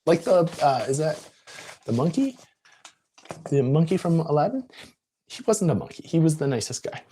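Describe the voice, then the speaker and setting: A man coaching on a live video, telling a story in a casual, animated way with laughs and quick voice switches. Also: on the high side, slight background noise. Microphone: live-stream setup.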